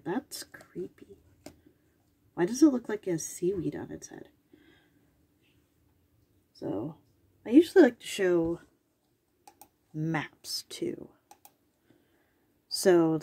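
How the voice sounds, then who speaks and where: A woman hosting a casual video from her home desk, her voice worn from allergies and sitting a bit low. She rambles with ums and little asides. The sound is close and dry, with no room ring. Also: dark tone, slightly rough, no room sound. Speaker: YouTube host. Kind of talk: casual chat about cryptids.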